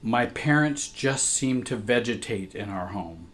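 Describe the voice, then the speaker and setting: A man reading a personal account aloud in a measured, emotional way. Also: mid-range voice, animated, fairly bright tone. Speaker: therapist and show host.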